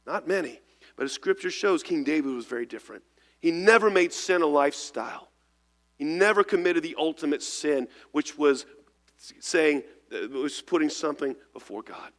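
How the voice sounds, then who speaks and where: A man's voice: fairly high pitch, expressive, moderate pace, in a large hall. A man, preaching an earnest sermon in a church, often repeating and restarting words. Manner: earnest, repeats words, shifts between loud and hushed. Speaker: pastor. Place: church sanctuary.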